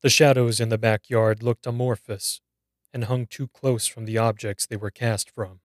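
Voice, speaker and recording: A man narrating a scripted horror story in a measured, grave reading. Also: mid-range voice, flat delivery, no echo, clean studio sound.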